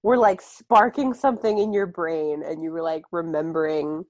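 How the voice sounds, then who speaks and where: A woman's voice: sits low, fairly even intonation, moderate pace. Young woman, playful movie banter. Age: young adult. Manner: playful, laughing commentary. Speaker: podcast co-host. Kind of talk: casual chat reviewing a movie.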